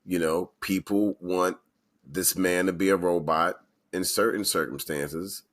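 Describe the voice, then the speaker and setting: Man, low voice, laid-back, agreeable, casual podcast chat. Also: fairly even intonation, measured pace, a bit bright. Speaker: podcast co-host.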